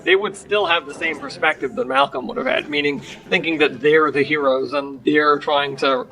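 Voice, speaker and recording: High, gravelly man in casual chat. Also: normal speed, pushed and bright, faint music behind, poor audio. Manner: rambling, hedging with fillers. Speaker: podcast co-host.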